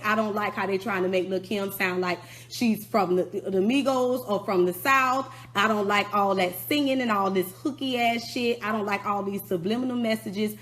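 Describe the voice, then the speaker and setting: A woman's voice: medium pitch, fairly bright tone. A middle-aged woman rapper giving a blunt, profane, scolding rant of a song review. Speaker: rapper turned commentator.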